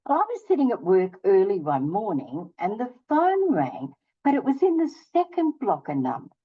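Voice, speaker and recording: Lively older woman telling a story. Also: mid-range voice, normal speed, slightly rough, phone-quality sound. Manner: animated, acts out both sides of conversations. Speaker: channel host. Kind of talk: casual storytelling to camera.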